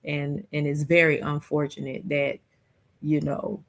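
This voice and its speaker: A woman hosting a livestream, talking slowly and reflectively in a casual chat with plenty of fillers. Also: low-pitched, little pitch movement, creaky. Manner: slow, reflective, conversational with many fillers. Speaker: streamer host.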